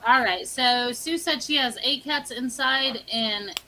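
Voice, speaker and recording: A woman's voice: sits high, slow pace, sharp tone. A woman co-hosting a live radio stream, reacting enthusiastically and relaying chat questions. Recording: noisy live-stream audio.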